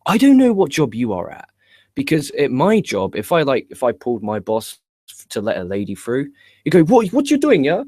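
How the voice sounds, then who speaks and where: A young man co-hosting a wrestling news show, chatting live in a rambling, excitable, profane way. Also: medium pitch, normal speed, no room sound, clean studio sound.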